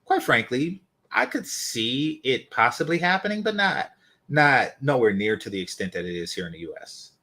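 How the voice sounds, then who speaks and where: A man's voice: mid-range voice, sing-song, normal speed, sharp tone. A man hosting a dating commentary channel, talking casually with blunt, dismissive swearing.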